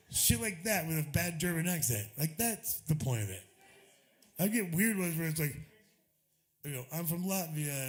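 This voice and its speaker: A man musician chatting on a club stage between songs, rambling, swearing freely and chuckling at himself, recorded through a stage vocal mic. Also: on the high side. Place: small live music club, indoors.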